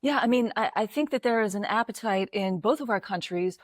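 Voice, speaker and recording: A woman's voice: mid-range voice, expressive, fairly quick, no echo. Blunt American woman, dry sound. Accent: American English. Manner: blunt, swears freely, exasperated rants. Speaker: podcast co-host. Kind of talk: casual political chat.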